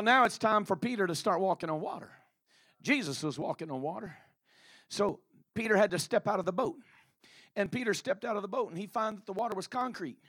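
A man preaching a fervent sermon, dropping many "uh" fillers as he builds toward shouting. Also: sits high. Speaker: pastor.

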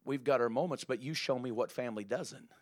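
Male preacher, mid-pitched, emphatic sermon delivery that climbs to loud exclamations. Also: fairly quick.

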